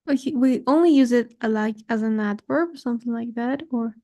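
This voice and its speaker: A woman's voice: fairly high pitch, a little fast, warm tone. A woman learning English in a tutoring session, reading sentences aloud carefully and hesitantly. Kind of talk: lesson practice.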